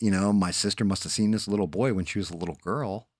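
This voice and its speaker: A stream host from New Jersey tells rambling, profane stories in a casual chat, laid-back as he goes. His fairly low voice is steady and fast. The studio-quality recording has no room sound.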